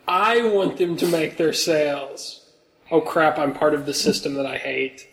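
A man co-hosting a casual podcast, talking in an excitable, joking way. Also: a little high, unhurried, gravelly, low-quality recording. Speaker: podcast co-host.

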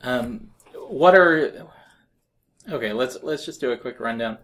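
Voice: medium pitch, lively intonation, unhurried, fairly bright tone. An interviewer asking short, polite questions with some hesitations. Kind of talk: casual interview.

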